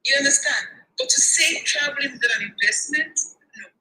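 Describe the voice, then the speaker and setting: A Nigerian woman with a Nigerian accent, an animated panelist in a casual podcast discussion, mixing Pidgin and English. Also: sits high, fairly quick, a little hiss or hum, low-quality recording.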